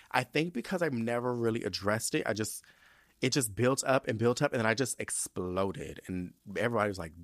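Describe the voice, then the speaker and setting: A man hosting a podcast, telling casual stories in a profane, animated way and acting out the voices of people he quotes. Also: fairly low pitch, no room sound, studio quality. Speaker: podcast host. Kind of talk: casual storytelling monologue.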